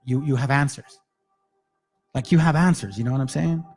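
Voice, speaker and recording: A man's voice: medium pitch, moderate pace, a little mellow, soft background music. A man hosting his own channel, talking loosely to viewers he calls family and swearing freely. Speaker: channel host. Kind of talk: casual monologue to viewers.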